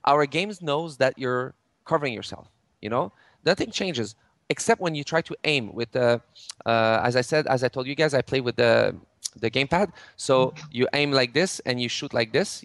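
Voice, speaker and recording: A middle-aged man walks through how his game works, his voice sitting at an ordinary middle pitch. He stumbles and restarts often, mixing in fillers as he explains. The sound is dry and close, with no room around it. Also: a bit bright, no echo. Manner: many restarts and fillers, gestures while explaining. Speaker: game studio head. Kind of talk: interview, explaining game mechanics.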